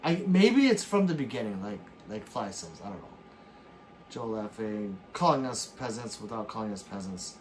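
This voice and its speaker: A man's voice: on the low side, moderate pace, a little hiss or hum. A man hosting a casual late-night livestream, reading chat messages aloud and joking back with bursts of laughter. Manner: animated, bursts into laughs and shouts.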